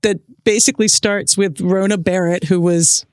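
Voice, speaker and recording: A woman's voice: mid-range voice, steady tone, moderate pace, clear, resonant tone, dry recording, studio quality. A woman hosting an interview, answering with short affirmations and laughs. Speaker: podcast host. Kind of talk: conversational interview.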